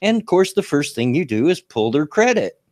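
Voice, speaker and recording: A man's voice: fairly high pitch, very animated, moderate pace, darkish tone, no echo, clean studio sound. A man hosting a casual talk show, telling a story with frequent chuckles and restarts. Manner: chatty, laughs through his own story, frequent restarts.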